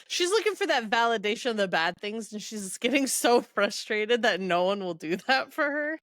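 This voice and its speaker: A woman's voice: fairly high pitch, expressive, a bit bright, dry recording, studio quality. A woman co-hosting a podcast, chatting casually about a novel with short reactive comments. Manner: reactive, quick comments and sighs. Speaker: podcast co-host. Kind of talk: casual book discussion.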